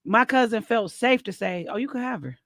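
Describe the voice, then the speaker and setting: Brief: woman podcast co-host, gravelly edge, lively storyteller, dry close mic. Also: on the high side, a little fast, no room sound. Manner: animated, laughing storyteller, acts out quotes. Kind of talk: casual storytelling chat.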